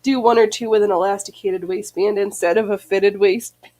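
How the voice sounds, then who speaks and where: A woman host talking casually while she works on her sewing, chatty and playful, laughing easily along with her guest. Her voice sits at an ordinary mid pitch. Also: fairly even intonation, a little fast, warm tone. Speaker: podcast host.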